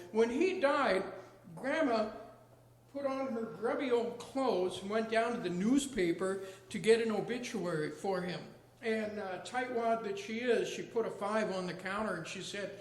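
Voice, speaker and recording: A man performing a chatty stand-up comedy routine with joking asides to the audience at an open mic night. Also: high-pitched. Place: small arts venue, open mic stage. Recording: echoey room.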